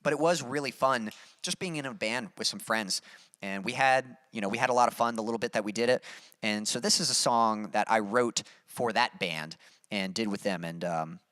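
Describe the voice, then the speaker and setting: A man's voice: on the low side, moderate pace, a bit bright, no echo, studio quality. Upbeat chatty male stream host. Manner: upbeat, chatty, reads out viewer comments. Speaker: livestream host and musician. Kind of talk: casual livestream chat.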